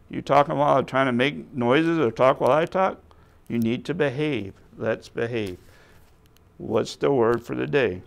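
A man's voice: mid-range voice, normal speed, vocal fry. A man leading a children's church puppet skit, patiently coaxing the puppet and talking to the boys and girls.

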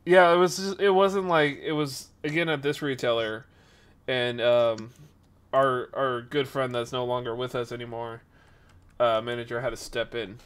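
A man in his twenties hosting a podcast and livestream, telling stories in casual chat, full of fillers and sudden jumps in loudness. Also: medium pitch, smooth. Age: 20s. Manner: animated, filler-heavy, quick shifts in loudness. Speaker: podcast host and streamer.

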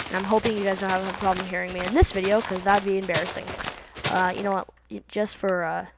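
A teenage girl talks over her game in a loose, silly ramble, hopping from one thought to the next. Her voice sits at an ordinary middle pitch for a woman. Game sounds run clearly underneath her on a plain computer mic. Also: flat delivery, fast talker, background noise. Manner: rambling, silly, jumps between topics. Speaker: gaming video host. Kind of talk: casual let's-play commentary. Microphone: computer mic, voice set low. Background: game sounds from the video game.

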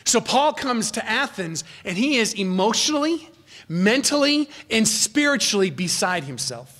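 A male pastor delivers an earnest expository sermon in a fairly high voice. He swings from loud, rising emphasis down to low, quiet asides, and sometimes stops to correct himself mid-sentence. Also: very animated, moderate pace. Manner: rises in pitch and volume for emphasis, then drops low and quiet.

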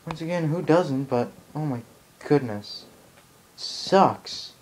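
A man's voice: a little high, slow, a little mellow, a little hiss or hum, rough recording. A man giving live gameplay commentary as a channel host, ranting in exasperated outbursts while annoyed.

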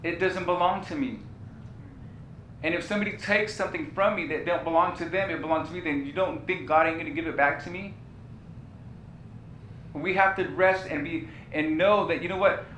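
A man's voice: normal speed, pauses often, a bit bright. Man preaching in an echoey church. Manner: impassioned storytelling preaching with repeated phrases. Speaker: pastor. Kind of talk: sermon. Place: church sanctuary. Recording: echoey church room with faint rumble.

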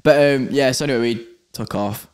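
A man's voice: medium pitch, a little fast, smooth. A man co-hosting a podcast, telling a story in a rambling way with many restarts. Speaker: podcast co-host, pilot. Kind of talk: casual chat. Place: indoors at a venue.

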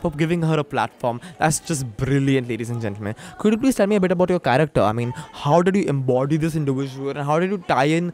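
A man's voice: on the high side, lively intonation, fast talker, hardly any pauses, a little mellow. A young man, hosting interviews in a theatrical showman style and turning to the audience often. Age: young adult. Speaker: host interviewing contestants.

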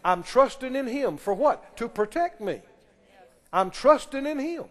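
A pastor preaching a sermon in a church, emphatic and pressing the congregation with questions and call-and-response. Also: male voice, extremely high pitch, animated, unhurried, a bit bright. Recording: long reverb of a large hall.

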